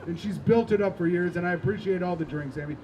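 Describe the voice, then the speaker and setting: A man's voice: high voice, quick pace, a little mellow, poor audio. A man from Indiana doing a stand-up set outdoors on a rooftop, telling rambling self-deprecating stories, swearing and joking with the crowd. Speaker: stand-up comedian. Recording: outdoor noise behind the voice.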